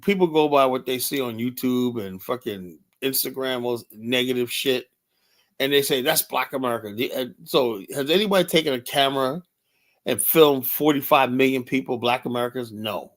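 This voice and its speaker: Older man hosting a stream, blunt and rambling, cusses a lot, mid-pitched voice. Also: normal speed, fairly bright tone. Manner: rambling, blunt, profane, many "you know" fillers. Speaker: livestream host. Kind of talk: casual livestream talk reading chat.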